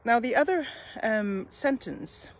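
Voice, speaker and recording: A middle-aged woman giving a casual coaching talk, reflective and pausing often with soft fillers. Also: on the high side, expressive. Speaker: mindset coach. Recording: slightly muffled with faint background noise.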